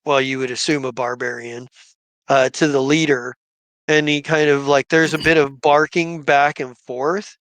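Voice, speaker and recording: A man's voice: medium pitch, fairly even intonation, normal speed, a bit bright, no room sound. A man narrating a tabletop game as game master, hesitant and full of restarts. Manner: hesitant, many fillers and restarts.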